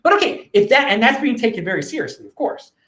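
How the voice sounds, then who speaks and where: Animated man hosting a solo commentary show. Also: very high voice. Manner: animated, halting, many restarts and fillers. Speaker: show host.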